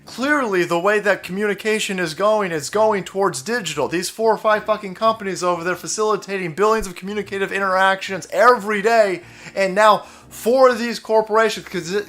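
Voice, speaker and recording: A man's voice: high voice, fairly bright tone. A man hosting a ranting political commentary, sarcastic and mocking, swearing often and mimicking others in exaggerated voices, with laughs between lines. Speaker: commentary channel host.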